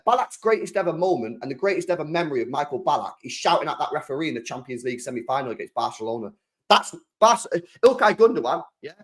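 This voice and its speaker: A young British man hosting a football channel, chatting casually and excitably on a live stream, full of slang and repeating himself. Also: a little high. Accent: British English.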